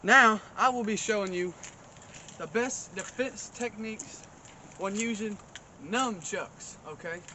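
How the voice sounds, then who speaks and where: Guy with a high voice rambling and bragging, lots of loud background noise. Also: slow. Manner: rambling, folksy, mock-boastful. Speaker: comedy show host. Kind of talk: deadpan comedic monologue.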